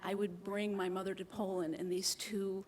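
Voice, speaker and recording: At a moderate pace and in a mid-range voice, a young American woman tells a live slam audience her own story. She's animated, makes fun of herself, and imitates the people she met, with slight background noise in the recording.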